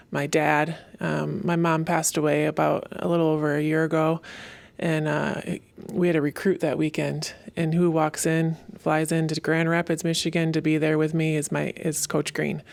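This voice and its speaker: Woman coach chatting, kinda gravelly voice, dry close sound, rambly and heartfelt. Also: sits low, level tone, normal speed, few pauses, darkish tone, dry recording. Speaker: assistant coach. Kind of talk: casual chat.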